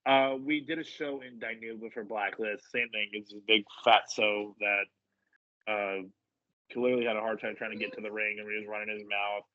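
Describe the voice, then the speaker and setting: A man's voice: on the low side, little pitch movement, normal speed, no echo, lo-fi sound. A man telling wrestling stories in casual chat, swearing freely and acting out what people said. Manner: profane, acts out voices in quotes. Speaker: wrestler guest.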